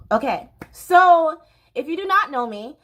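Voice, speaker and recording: A woman's voice: sits high, animated, takes it slowly, a bit bright, a little hiss or hum. Woman, 30s, dance teacher, raised voice, candid and rambling vlog storytelling. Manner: candid, rambling, with frequent fillers and restarts.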